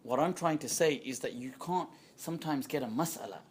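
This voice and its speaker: A man lecturing as an Islamic scholar to a live audience, conversational and animated, acting out quoted voices and laughing often. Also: mid-range voice. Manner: frequent quick laughs. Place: indoor talk before a small audience.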